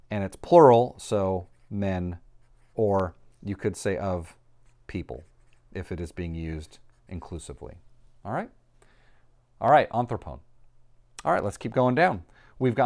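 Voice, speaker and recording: A man's voice: low-pitched, darkish tone. A man teaching a recorded lesson. He talks patiently and reassuringly, explains step by step and thinks aloud while he writes on a board. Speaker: Greek teacher.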